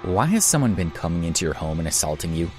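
A man playing a calm, cutting young hero. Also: deep voice, fast talker, over music. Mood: grave.

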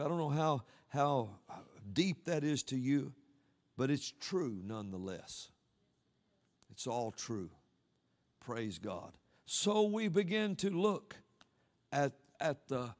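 A man preaching a sermon, swinging from loud cries down to low murmurs.

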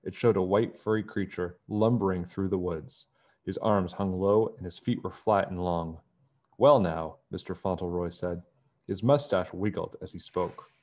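Low-voiced man reading a children's book. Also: steady tone, normal speed, darkish tone, highs cut off. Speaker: storybook reader. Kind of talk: children's book read-aloud.

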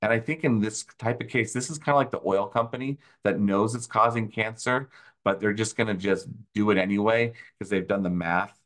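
A man's voice: fairly low pitch, fairly quick. A man hosting a video, explaining a tax audit problem in an angry, sarcastic rant and repeating phrases for emphasis. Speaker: tax consultant host.

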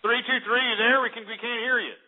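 A high-voiced man hosts a call-in radio show, talking fast in a steady tone as he rants, insults callers, hangs up on them, and barks orders to dump them. The abrasive hosting comes through lo-fi internet radio audio with a thin, phone-like band that cuts the lows and highs.

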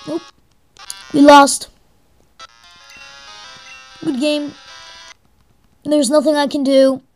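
A woman's voice: high voice, flat delivery, a little slow, warm tone, faint music behind. A young woman giving gameplay commentary, exasperated and swearing at the game as she plays. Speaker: let's play gamer.

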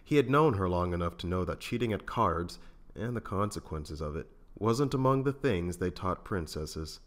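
Low-voiced guy narrating a fan audiobook, steady and measured.

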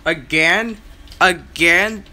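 A man's voice: high-pitched, very slow, bright, forceful tone. A man playing a horror game and commentating, yelping in panic and laughing as he goes. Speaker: gaming channel host. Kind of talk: let's-play commentary.

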